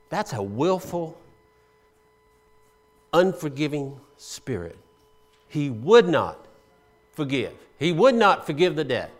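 Male pastor, sermon delivery, high, very expressive voice, conversational teaching style. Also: slow pace, pauses often. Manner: dynamic preaching, swinging from loud emphasis to hushed asides; explains scripture conversationally, asking the congregation questions.

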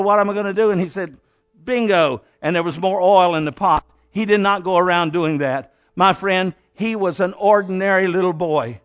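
A high-pitched man preaches with fervor. He keeps turning to his listeners as "my friend" and slips into the voices of the people in his story. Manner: fervent, addresses listeners as "my friend", acts out Bible characters. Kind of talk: sermon.

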